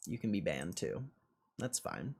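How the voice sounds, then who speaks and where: A man's voice: deep voice, big pitch swings, measured pace, gravelly, darkish tone, husky. A young man hosting a casual stock livestream and answering chat in a sarcastic, laid-back way, swearing and laughing often.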